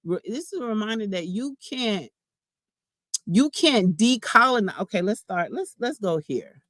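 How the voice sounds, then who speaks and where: A woman's voice: medium pitch, lively intonation, a little slow, a bit bright, no echo. Brief: woman, chatty spiritual card reader, slangy, addresses viewers directly, dry close sound. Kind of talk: casual spiritual card-reading chat.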